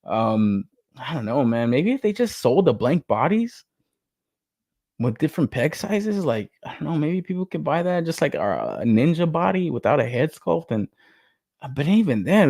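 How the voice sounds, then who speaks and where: A man's voice: a little high, very animated, moderate pace, gravelly, a little mellow, dry recording, studio quality. A young man hosting a casual podcast, ranting with lots of swearing and laughter, exasperated. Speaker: podcast host. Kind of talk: casual rant about toys.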